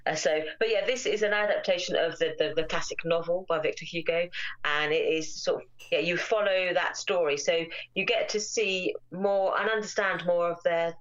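Woman on a podcast, lowish voice, kinda muffled lo-fi sound. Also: steady tone, normal speed. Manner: chatty, retells plots at length. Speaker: podcast co-host. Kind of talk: casual chat, film review.

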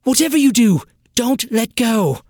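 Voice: medium pitch, animated, slow, a little mellow, dry recording, studio quality. A narrator voicing a weakened young woman, an older sister who talks in a strained, urgent voice. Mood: frantic.

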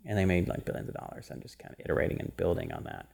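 Animated laughing man chatting. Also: deep voice, rapid-fire, gravelly. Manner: animated, laughs often, rambling restarts. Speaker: podcast co-host. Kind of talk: casual chat.

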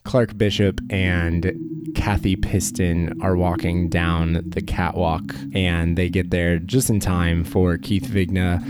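A man narrating as game master of a tabletop role-playing game, in a casual, quick manner. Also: sits low, flat delivery.

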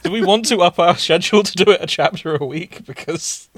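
A man's voice: high-pitched, fairly quick, dry recording. A male podcast co-host chatting casually with wry, dry humor.

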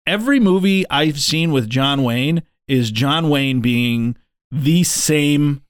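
A man's voice: a little high, slow, clear, resonant tone, no room sound. Guy cohosting a movie podcast, goofy and blunt, super dry close sound. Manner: playful, jokey, blunt opinions. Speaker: podcast co-host. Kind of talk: casual movie podcast banter.

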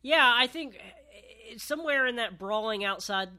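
Laid-back man with a bright voice. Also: extremely high pitch, lively intonation, a little slow. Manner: laid-back, swears casually, lots of ums. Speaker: podcast co-host recapping wrestling. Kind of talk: casual recap chat.

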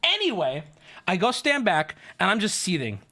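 A man's voice: sits high, wildly swooping pitch, normal speed, sharp tone. A man streaming, telling a story to his chat in an indignant, profane rant. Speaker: livestreamer.

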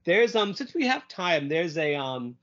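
A man co-hosting a casual podcast, lively and laughing often, quoting characters in goofy voices. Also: on the high side, a little slow. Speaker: podcast co-host. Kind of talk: casual chat. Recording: dull lo-fi audio.

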